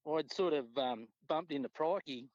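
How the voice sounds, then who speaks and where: A man's voice: moderate pace, darkish tone, dry recording. Laid-back australian man telling fishing yarns. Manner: laid-back, swears freely, acts out quotes with pitch jumps. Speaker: podcast guest, tournament angler. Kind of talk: casual storytelling chat. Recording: dull lo-fi dry sound.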